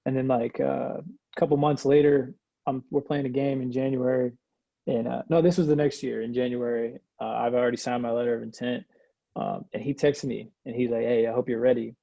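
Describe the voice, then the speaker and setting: A man's voice: mid-range voice, steady tone, brisk, gravelly, mellow, dry recording, lo-fi sound. A young man from Iowa, a former college point guard, talking as a podcast guest in a laid-back way, laughing often and using lots of slang. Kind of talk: casual podcast chat.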